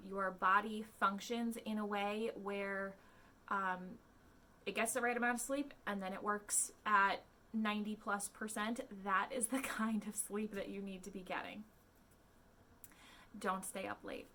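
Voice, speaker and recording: A woman's voice: medium pitch, fairly even intonation, unhurried, sharp tone. A young adult woman hosting a podcast, talking casually in a chatty, rambling way full of ums and likes. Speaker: podcast host. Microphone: podcast mic.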